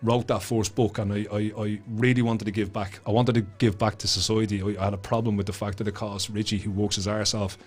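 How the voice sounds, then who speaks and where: A low-voiced Irish man tells his own story in a loose, chatty way. He swears freely and stumbles over repeated words as his feelings rise. A little music sits faintly in the background. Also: level tone, a little fast, hardly any pauses. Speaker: podcast guest, author. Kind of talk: casual storytelling chat.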